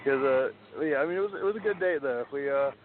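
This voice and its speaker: A man's voice: mid-range voice, fast talker. A man co-hosting a casual podcast, rambling, laughing and swearing casually. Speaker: podcast co-host. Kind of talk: casual chat. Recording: tinny phone-like sound with faint noise.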